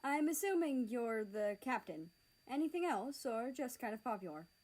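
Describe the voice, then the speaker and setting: A woman's voice: fairly high pitch, expressive, moderate pace, a little mellow, voice pushed up, low-quality recording. Cocky teasing teen boy, class president type, woman reading him.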